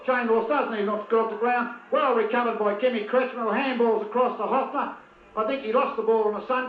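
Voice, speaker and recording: A man with an Australian accent giving excitable, partisan commentary on a local football match and calling out to the players by name. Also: very high-pitched, reverberant, narrow, tinny audio, a little hiss or hum.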